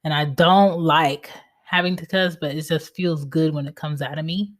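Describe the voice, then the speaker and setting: A woman's voice: sits low, fairly even intonation, moderate pace. A woman in her thirties hosting a casual solo podcast from home, talking candidly and bluntly and swearing freely. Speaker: podcast host.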